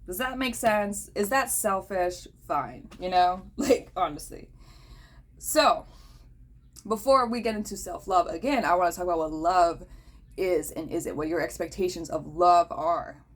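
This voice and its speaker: A woman's voice: lowish voice, measured pace. A woman hosting a casual talk, blunt and profane, who keeps checking in with the listener by asking "okay?". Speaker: host.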